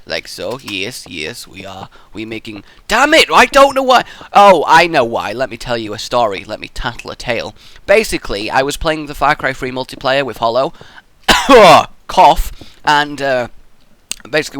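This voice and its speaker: A man's voice: medium pitch, fairly bright tone. A young man casually rambling and swearing through commentary while building in a game, mocking himself as he goes. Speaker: gaming channel host. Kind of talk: casual let's play commentary.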